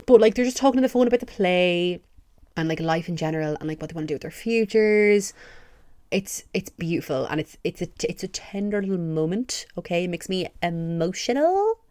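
A young woman pours out excited, swear-laden praise in a casual podcast monologue. Her voice sits a little low for a woman and sounds close and dry, with no room around it. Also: brisk, no echo. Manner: gushing, excitable, heavy swearing. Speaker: podcast host. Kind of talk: casual fan review monologue.

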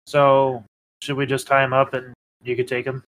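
A man's voice: mid-range voice, monotone, normal speed, fairly bright tone. A man playing a tabletop game, explaining his actions in a matter-of-fact way. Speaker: player. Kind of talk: casual game chat.

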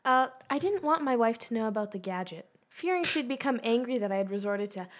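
A woman's voice: on the high side, animated, fairly quick. A young woman co-hosting a podcast, reading a silly review aloud with dry asides and giggles. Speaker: podcast co-host.

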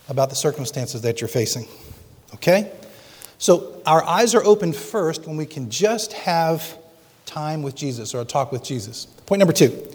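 A man's voice: a little high, a little mellow, in a large hall. A male pastor from Pennsylvania preaching a conversational sermon full of rhetorical questions.

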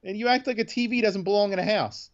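A man's voice: high voice, fast talker, lo-fi sound. A man casually chatting as podcast co-host, recapping a TV episode with lots of swearing. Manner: profane, animated, acts out characters in quotes.

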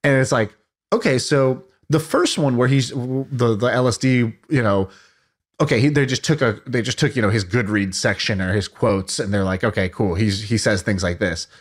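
A man's voice: mid-range voice, moderate pace. A man co-hosting a podcast in casual chat, musing aloud and repeating words while he thinks. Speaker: podcast co-host.

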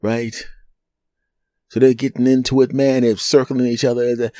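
A middle-aged man, a podcast host and comedian, telling a story in an animated, chatty way with chuckling asides. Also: medium pitch, unhurried, no echo, studio quality. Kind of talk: storytelling monologue.

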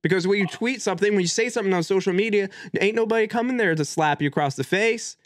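A young man co-hosting a casual podcast chat, animated and swearing freely. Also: quick pace, no echo, studio quality. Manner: animated, swears, mimics others in a high voice. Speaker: podcast co-host.

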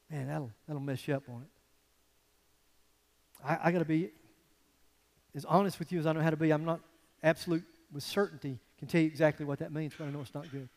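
A man preaching a sermon as a pastor, swinging from quiet, low passages to loud, emphatic ones. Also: fairly even intonation, fairly quick, gravelly, pauses often, big-room sound.

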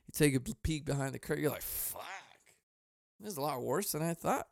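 A man's voice: a little high, expressive, moderate pace, creaky, pauses often, dry recording, clean studio sound. A man hosting a solo comedy podcast, ranting in a cynical, profane, rambling way, breaking off to laugh and sigh. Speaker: podcast host.

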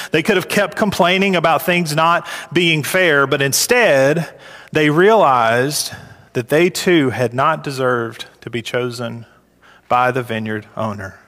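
Man preaching in a reverberant hall. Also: unhurried. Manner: rises high and loud when voicing complainers. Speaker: pastor. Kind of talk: sermon.

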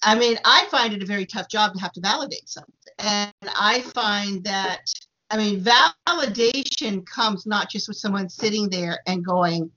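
A woman's voice: mid-range voice, dull audio. Woman telling a psychic reading story. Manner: halting starts, many fillers, animated retelling. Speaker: psychic medium, guest. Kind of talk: conversational storytelling.

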